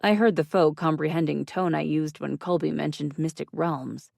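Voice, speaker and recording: A woman's voice: low-pitched, steady tone, moderate pace, vocal fry, darkish tone, no room sound. A woman narrating an audiobook in the first person with a dry, wry delivery.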